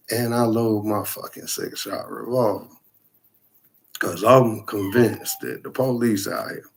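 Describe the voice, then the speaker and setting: A man casually telling a profane, animated story about a frightening night. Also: medium pitch, vocal fry, slight background noise.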